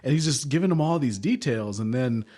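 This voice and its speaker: A man, a criminal defense attorney, co-hosting a podcast in casual, animated chat. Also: mid-range voice, a little fast. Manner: animated, acts out quotes.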